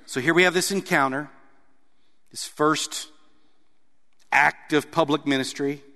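A pastor preaches to his congregation, a man with a slightly high voice. He reads scripture aloud, then stresses its key words with animated emphasis. His voice carries a long reverb from the large sanctuary. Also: unhurried, vocal fry. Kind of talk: sermon.

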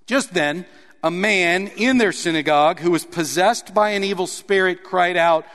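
A man preaching a sermon, reading scripture aloud and explaining it with animated emphasis. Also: high-pitched, normal speed, big-room sound. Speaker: pastor.

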